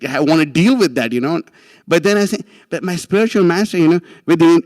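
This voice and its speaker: Animated man telling a story in a hall. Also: on the high side. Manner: animated, with many restarts and laughs. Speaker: devotee giving a class. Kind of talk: casual storytelling talk.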